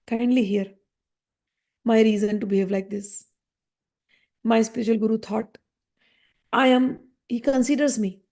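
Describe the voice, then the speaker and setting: A woman reading and explaining a devotional scripture, chanting verses slowly before explaining them plainly. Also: fairly high pitch, creaky, darkish tone. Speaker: scripture reader and teacher.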